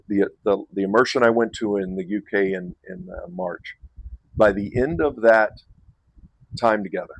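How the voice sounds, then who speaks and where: A man's voice: lowish voice, gravelly, rough recording. A man hosting a men's retreat, giving a casual invitation to the camera with frequent restarts and self-corrections.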